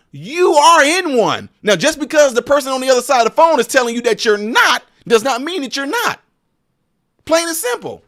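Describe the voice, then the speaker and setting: A man's voice: very high voice, fairly bright tone. A man hosting a live-stream political commentary, talking straight to his viewers in an emphatic, preachy way.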